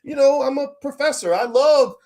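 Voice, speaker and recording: A man's voice: very high voice, normal speed, darkish tone. A man giving a casual opinion monologue as a finance commentator. He talks emphatically, repeats key phrases and laughs while making his points.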